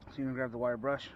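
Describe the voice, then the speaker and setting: A man's voice: mid-range voice, muffled recording, a little hiss or hum. Rambling man fixing his car. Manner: rambling, informal, with frequent fillers and restarts. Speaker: DIY car repair vlogger. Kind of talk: casual how-to narration. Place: outdoors working under a car at night.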